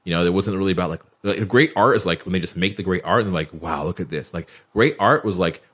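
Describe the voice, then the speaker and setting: A man's voice: low-pitched, fast talker, a bit bright, breathy edge. A man in a casual podcast conversation, reflective and rambling, with lots of "like" and "you know.". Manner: reflective, rambling with many fillers.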